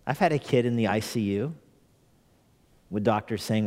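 A man's voice: on the low side, normal speed, darkish tone. A man preaching a conversational sermon as pastor, earnestly asking the congregation rhetorical questions and repeating phrases for emphasis. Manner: repeats phrases for emphasis, chuckles now and then. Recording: long hall reverb in a church.

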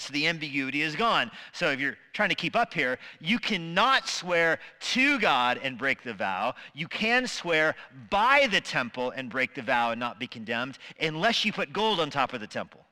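Bright-voiced male preacher in a reverberant hall. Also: a little high. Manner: animated, acts out quoted voices. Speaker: pastor. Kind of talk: sermon. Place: church sanctuary.

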